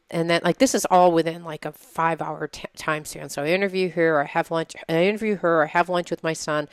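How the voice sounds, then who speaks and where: A woman in her forties co-hosting a casual talk show, telling a personal story in an animated way and acting out her own inner voice. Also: low voice, clear, resonant tone, dry recording. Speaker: podcast co-host. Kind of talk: casual chat.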